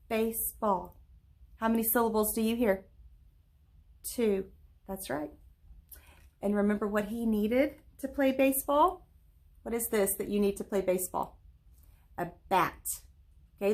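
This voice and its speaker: A woman teacher leading a recorded virtual lesson for young children, speaking slowly and clearly with lots of encouraging check-in questions. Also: a little high. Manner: claps and stretches words into syllables.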